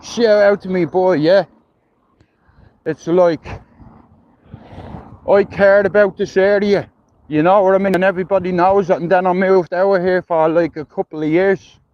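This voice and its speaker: Walking through a neighbourhood outdoors, a middle-aged Irishman with a Dublin accent chats casually on a livestream, rambling, swearing and saying "you know what I mean" a lot. His voice sits high with fairly even intonation, and he speaks unhurriedly, pausing often. The audio is dull but has no echo.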